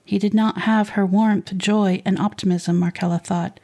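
Woman narrator, warm and mellow, steady storybook reading of a saint's life. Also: mid-range voice, moderate pace. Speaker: reader of saints' lives for children.

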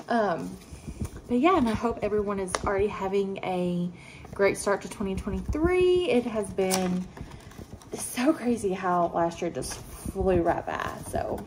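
A young woman, gushing excitedly about a product she shows at home, with many fillers and restarts. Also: mid-range voice. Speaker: home sales consultant showing a product. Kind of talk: casual product show-and-tell. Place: home room, indoors. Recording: clear home noise behind.

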